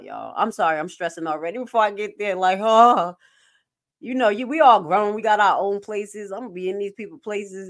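A woman chatting casually on a livestream in slangy, animated, jokey talk with some swearing. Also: medium pitch. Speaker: night nurse and commentary streamer.

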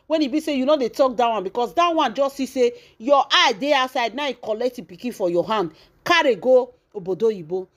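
A woman with a Nigerian accent tells celebrity gossip to her fans. Her voice sits a little high, and she acts out every quoted line with dramatic exclamations. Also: lively intonation, brisk. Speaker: gossip channel host.

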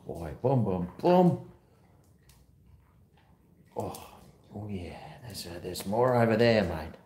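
A man chatting casually on a home vlog, talking to his dog in a high sing-song voice at times. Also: a little mellow, echoey room, a little hiss or hum. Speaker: vlogger. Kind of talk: casual chat to camera. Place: at home near a garage.

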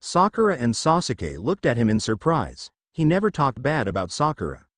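Guy reading fan fiction out loud, animated voice, dry mic. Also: medium pitch, moderate pace, no room sound. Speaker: narrator.

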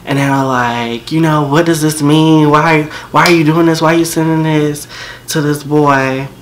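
A man's voice: on the high side, steady tone, moderate pace, a little hiss or hum. A man telling a personal story to camera in a casual, slangy, joking way.

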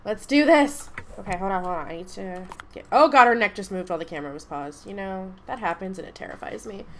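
A young woman casually commenting on her game, excitable and gushing with chatty asides. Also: medium pitch, quick pace, slight background noise. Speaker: gaming YouTuber. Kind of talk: casual let's-play commentary.

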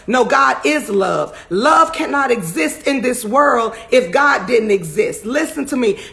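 A woman preacher giving an online sermon, emphatic and repetitive, building to shouted peaks. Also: high voice, creaky.

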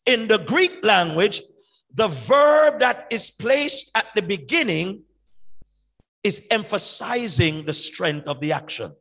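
High-pitched preacher man in echoing church. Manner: emphatic preaching, swings from loud shouted peaks to quiet asides. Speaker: pastor. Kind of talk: evangelistic sermon. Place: large church sanctuary. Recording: long church hall reverb.

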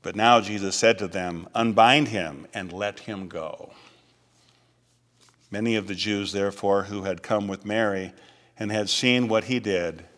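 A pastor preaching a sermon in a measured way, slowing and softening on key phrases. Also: male voice, on the low side. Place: church sanctuary. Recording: reverberant church sanctuary.

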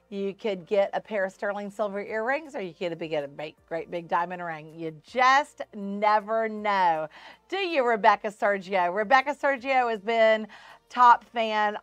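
A woman's voice: medium pitch, fairly bright tone, dry recording. A woman hosting a live home shopping show, chatting with viewers by name and running through sale details in upbeat patter.

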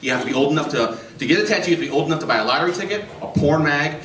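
A man doing a stand-up comedy set in a club, telling stories deadpan and acting out his customers. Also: a little high, very fast. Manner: deadpan storytelling, voicing customers. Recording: roomy, distant, noisy club recording. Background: audience laughter.

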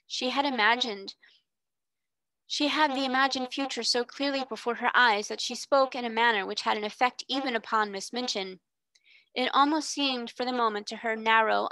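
A woman tutor reading a storybook aloud in an expressive, measured way. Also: fairly high pitch, dry recording, low-quality recording. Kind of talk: storybook narration.

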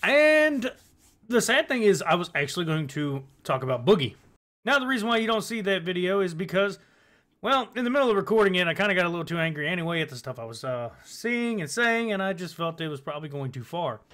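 A man's voice: high-pitched, very animated, a little fast, fairly bright tone. A man hosting a casual commentary video, rambling, swearing and often restarting his sentences. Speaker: commentary channel host.

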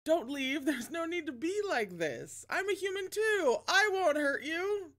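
A woman's voice: very high voice, expressive, measured pace, fairly bright tone, voice pushed up, exaggerated voice. A woman reading aloud, voicing a chuckling, mud-faced male creature that coaxes people not to leave. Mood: coaxing. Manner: coaxing, wheedling.

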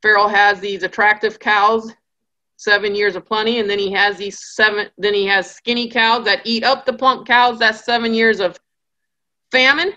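Bright-voiced woman teaching a Bible lesson. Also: medium pitch, fairly even intonation, moderate pace, dull audio. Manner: conversational, joking asides, acts out characters. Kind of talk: lecture.

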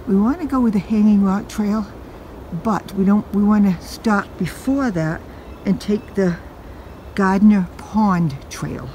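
An older woman talks her way along a wooded trail in a mellow, unhurried voice, chatty and poking fun at herself. She is a little out of breath from the climb. A faint hiss of outdoor noise sits behind her phone recording. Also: medium pitch. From New England, USA. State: out of breath from hiking. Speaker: vlogger. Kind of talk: casual walking vlog narration.

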